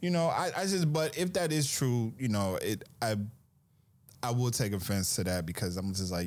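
A man chatting casually about wrestling as a podcast co-host, conversational and quick to laugh. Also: medium pitch.

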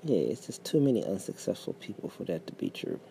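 Man, very deep, gravelly, blunt and swearing, casual co-host chat, faint background noise. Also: sing-song, a little fast, mellow. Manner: blunt, swears freely, laughs often. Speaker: podcast co-host.

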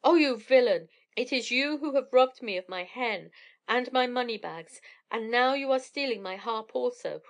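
A woman's voice: fairly high pitch, lively intonation, moderate pace, voice pushed up. A woman voicing a furious, drunken male giant who bellows threats in a storybook reading.

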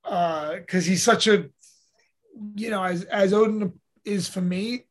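A man with a notably high and husky voice tells stories in a loose, conversational way. He talks earnestly, drops the occasional swear word and sounds relaxed as a podcast guest. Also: slow pace. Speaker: podcast guest, fitness coach. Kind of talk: casual conversational storytelling.

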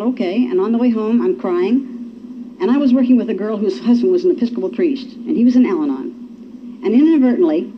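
An older woman speaking at a recovery meeting, telling her story in a folksy, emphatic way with exclamations. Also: medium pitch. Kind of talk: personal recovery talk to a meeting. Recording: dull lo-fi recording with faint hiss.

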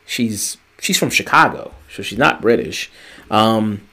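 A man co-hosting a casual review podcast, rambling and excitable, swearing casually. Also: on the low side, unhurried, gravelly, breathy edge. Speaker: podcast co-host.

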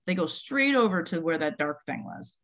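Middle-aged woman, lowish voice, chatty and animated, laughs a lot telling research stories. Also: normal speed, vocal fry. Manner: animated, laughs often, acts out quotes. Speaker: marine mammal researcher. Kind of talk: casual conversational storytelling.

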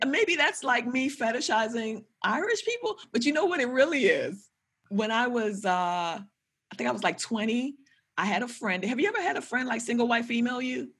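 Animated, husky-voiced woman comedian. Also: a little high, moderate pace. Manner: animated storytelling, loud laughs, profane. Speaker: comedian guest. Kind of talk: casual podcast chat.

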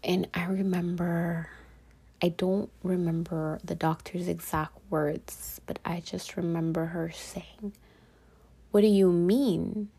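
A young woman telling a personal story to her viewers in a casual vlog, speaking softly and often dropping into a whisper. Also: lowish voice, little pitch movement, slow pace, gravelly, breathy edge. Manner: soft-spoken, slipping into whispers. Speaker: vlogger.

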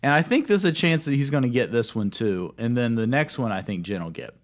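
A man in his thirties hosts a relaxed chat, running a movie-quote quiz with a light, playful touch. His voice sits at an ordinary middle pitch, and he laughs easily between questions. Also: fairly quick. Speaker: host. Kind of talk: casual chat.

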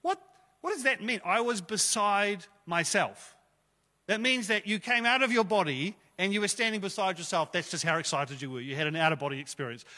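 A man's voice: high voice, a little fast, pushed and bright, in a large hall. A man preaching a sermon to his church, conversational and emphatic, with rhetorical questions. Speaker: pastor.

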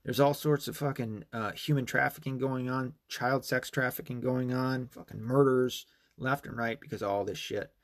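A man's voice: medium pitch, fairly even intonation, normal speed, no room sound, clean studio sound. A man hosting his own show, ranting alone, profane and rambling, angry and full of fillers and restarts. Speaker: podcast host. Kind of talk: solo political rant.

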